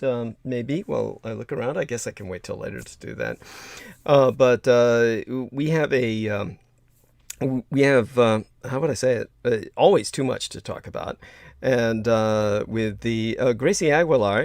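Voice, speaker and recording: A man cohosting a livestream, talking casually in a rambling, halting way with many fillers. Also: medium pitch, dry recording, clean studio sound.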